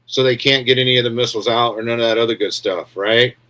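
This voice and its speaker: A man's voice: mid-range voice, steady tone, fast talker, sharp tone. A man hosting a casual livestream, talking bluntly and rambling, often checking with his viewers for agreement and reading out their comments. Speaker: livestream host.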